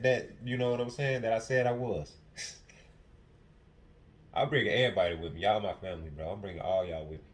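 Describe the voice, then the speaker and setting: A young man hosting a casual podcast at home, talking in a passionate, profane monologue that repeats itself. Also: medium pitch. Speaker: podcast host.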